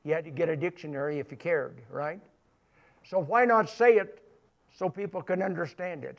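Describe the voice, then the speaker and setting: A man's voice: high-pitched, lively intonation, moderate pace, lo-fi sound. A man pastor preaching a sermon in church, emphatic and repetitive, rising in bursts. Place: church sanctuary.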